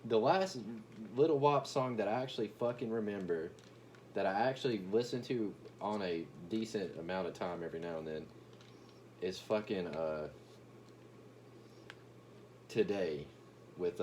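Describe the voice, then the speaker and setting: A man's voice: lowish voice, measured pace, long pauses, darkish tone, slight background noise. A young man ranting in a brash, profane, boastful comedic commentary, stumbling over restarts as he talks.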